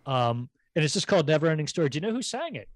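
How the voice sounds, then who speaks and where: A man's voice: on the high side, sing-song, racing, no echo. A man hosting a casual podcast chat, joking and teasing his guests while sharing movie music trivia. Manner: jokey, teasing, trivia-loving. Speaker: podcast host.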